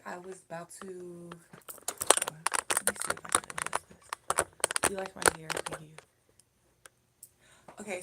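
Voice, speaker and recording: A young woman talking loosely and directly to her viewers on a livestream from home, drifting from one thought to the next. Her voice sits a little low and carries a tired edge. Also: heavy background noise. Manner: chatty and rambling, addresses viewers directly. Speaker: livestream host. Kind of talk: casual chat. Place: indoors at home.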